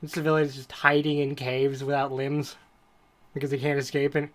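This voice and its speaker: A man co-hosting a podcast chats casually, rambling and digressing from one topic to the next in his storytelling. His voice is mid-range with a flat delivery at a normal speed.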